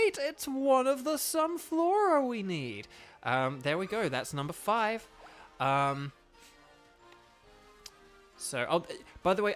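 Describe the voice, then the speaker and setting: A man's voice: on the high side, fairly bright tone. Chatty Northern Irish man playing a game. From Northern Ireland. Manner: rambling and chatty, many fillers and restarts. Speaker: gaming YouTuber and voice actor. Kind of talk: casual let's-play commentary.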